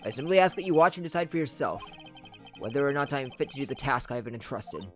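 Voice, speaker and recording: A let's-play host reading the lines of a composed young male lawyer in a game, in a slightly lower voice. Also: faint music behind, lightly acted. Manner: measured, formal.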